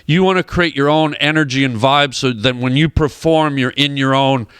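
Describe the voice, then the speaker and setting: A man's voice: medium pitch, normal speed, a bit bright, clean tone, no echo, clean studio sound. A man, a comedian and actor guest on a radio show, telling rambling comic anecdotes and acting out the people in them. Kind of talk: animated storytelling on a radio show. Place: radio studio.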